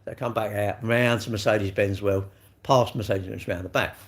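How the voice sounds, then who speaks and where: A man's voice: on the low side, fairly even intonation, fairly quick. A man, chatting bluntly with viewers on a livestream, swearing freely and calling everyone mate. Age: 60s. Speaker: livestream host. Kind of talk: casual chat reading live comments.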